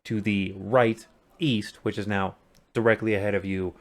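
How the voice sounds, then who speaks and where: A man running a tabletop game as game master, setting scenes in a plain, steady way with brief asides, talking from a room at home. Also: lowish voice, normal speed.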